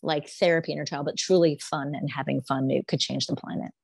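A woman's voice: deep voice, fairly even intonation, a little fast, vocal fry, darkish tone, husky, no room sound, studio quality. A woman manifestation coach explaining her ideas with enthusiasm as a podcast guest. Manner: enthusiastic, explanatory, casual fillers. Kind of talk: podcast interview.

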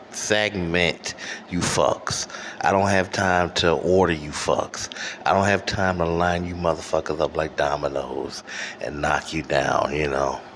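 A man from Detroit holds forth alone on his podcast in a very low voice, taking his time over every word. His rant is profane and rambling, punctuated by "okay?", and recorded at home with an air conditioner humming faintly behind him. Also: fairly bright tone. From Detroit, USA. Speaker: podcast host. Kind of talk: solo ranting monologue. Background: faint air conditioner hum.

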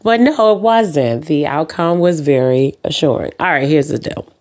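Podcast host, woman with a deep speaking voice; chatty storyteller who acts out dialogue, many ums and uhs. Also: lively intonation, moderate pace, darkish tone. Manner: says "um" and "uh" often. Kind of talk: casual chat.

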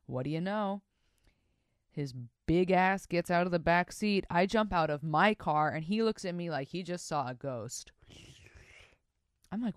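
Profane, animated young woman podcaster. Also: on the low side, measured pace, smooth, no room sound, clean studio sound. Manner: profane, animated, laughs and comments while reading stories aloud. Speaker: podcast host reading listener stories. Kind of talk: casual podcast chat.

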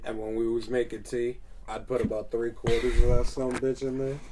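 A man telling stories, profane and animated. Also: medium pitch, normal speed, recorded from a distance, background noise. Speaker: podcast host. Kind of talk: casual chat. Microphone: studio microphone with headphones.

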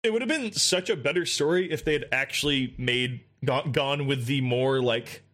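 A man's voice: medium pitch, normal speed, a bit bright. A man co-hosting a podcast, chatting casually in a sarcastic, profane way. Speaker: podcast co-host.

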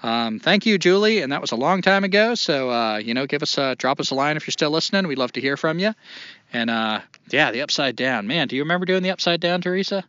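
A man's voice: on the high side, animated, fast, pushed and bright, no room sound, dull audio. A man hosting a casual podcast, talking loosely, swearing and poking fun at himself. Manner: loose, swearing, self-deprecating. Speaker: podcast host.

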